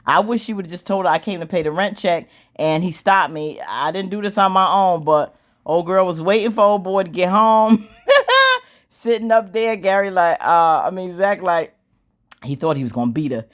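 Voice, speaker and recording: This is a woman with a low-pitched voice casually recapping a TV drama. Her delivery is animated and full of slang. She acts out the characters' lines as she tells the story. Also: moderate pace. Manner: animated, slangy storytelling with squealing acted-out quotes and laughs. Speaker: show recap host.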